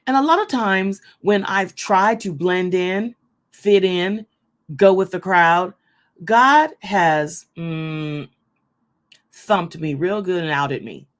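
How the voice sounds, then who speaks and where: A middle-aged woman hosting a casual faith talk, loud, fast and forthright in how she speaks. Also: fairly low pitch. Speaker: host.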